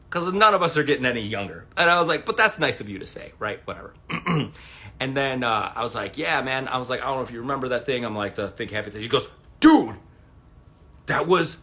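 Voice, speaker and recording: A man's voice: lowish voice, sharp tone. A man hosting a casual live stream, rambling through stories with plenty of fillers, swearing and acted-out quotes. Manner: rambling, profane, lots of fillers and quoted dialogue. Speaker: livestream host. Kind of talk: casual storytelling to viewers.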